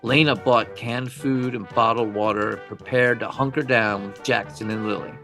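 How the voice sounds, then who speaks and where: A man narrates a true-crime podcast at an ordinary pitch, his voice rough with fry. He keeps to a scripted telling and now and then slips in a casual remark. A music bed runs clearly underneath. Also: fairly even intonation, moderate pace, a bit bright. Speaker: podcast co-host.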